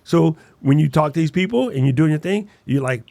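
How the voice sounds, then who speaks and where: A man co-hosting a podcast in casual chat, slangy and playful, even making sound effects with his mouth. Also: on the high side, a little fast, vocal fry, hardly any pauses, no echo. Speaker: podcast co-host.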